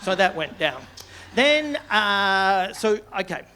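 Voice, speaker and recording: A man's voice: high-pitched, very animated, slow pace, pushed and bright, smooth. A middle-aged man doing a rambling stand-up routine in a small comedy club, laughing at his own jokes. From Australia. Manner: rambling, self-interrupting, laughs mid-line.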